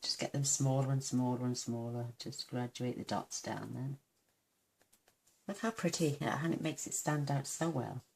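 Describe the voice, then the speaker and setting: A woman from the United Kingdom demonstrating card making, soft-spoken and mumbling to herself, gushing over her work. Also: very deep voice, normal speed, vocal fry, slight background noise. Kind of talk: crafting tutorial.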